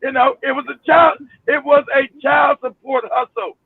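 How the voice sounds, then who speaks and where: A man telling his story in a heated talk-show discussion, animated, emphatic and swearing freely. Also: very high-pitched, normal speed, gravelly, dry recording. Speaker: panel guest. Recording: tinny phone line.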